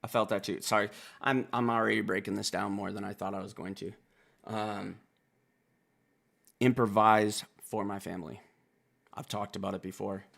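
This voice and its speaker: A man from Wisconsin hosting a music reaction video, talking in blunt, profane, excitable bursts. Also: on the low side, moderate pace, creaky, long pauses. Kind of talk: casual reaction commentary.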